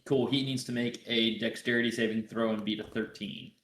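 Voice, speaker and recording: Man, tabletop player, matter-of-fact, brisk, echoey room. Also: lowish voice, steady tone, a bit bright, a little hiss or hum. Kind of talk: casual tabletop game play. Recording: roomy echo.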